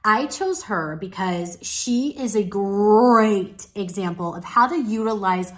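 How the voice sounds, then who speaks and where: A woman talks straight to the camera as a speaking coach, breaking down what works and why. Her voice sits at an ordinary middle pitch, and her tone stays encouraging and conversational. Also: takes it slowly. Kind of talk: casual video commentary.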